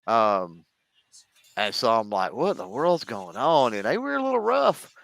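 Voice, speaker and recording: A man's voice: medium pitch, big pitch swings, unhurried, creaky, a bit bright, no echo. A man, chatting casually on a show and telling a story, acting out the voices of the people in it. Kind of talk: casual chat.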